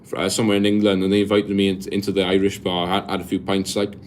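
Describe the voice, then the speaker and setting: A young Welsh man talks loosely on a live stream, his voice sitting a little low, stumbling and restarting as he answers viewer comments. Faint background ambience sits under him. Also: completely flat delivery, rapid-fire, slight background noise. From Wales. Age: 20s. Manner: rambling, chatty, many restarts and fillers; reads viewer comments aloud and answers them. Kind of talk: casual live-stream chat.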